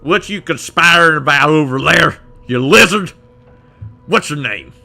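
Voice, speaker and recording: A man's voice: on the high side, expressive, unhurried, vocal fry, bright, forceful tone, faint music behind, voice pushed up, heavily acted. A man voicing a stern, suspicious male magister who barks at people.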